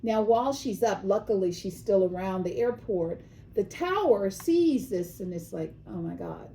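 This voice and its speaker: A woman's voice: mid-range voice, animated, moderate pace, creaky, warm tone, a little hiss or hum, low-quality recording. A woman from California co-hosting a casual chat show, telling news stories and sometimes acting out the voices of the people in them. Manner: storytelling, acts out quoted voices. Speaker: co-host.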